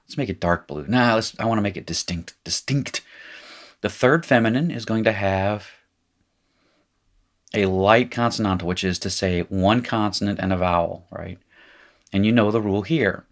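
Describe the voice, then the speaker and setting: A man's voice: fairly low pitch, normal speed. A man teaching a language lesson at a board, patiently drilling forms aloud with wry asides. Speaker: Hebrew teacher. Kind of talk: classroom lecture at a whiteboard.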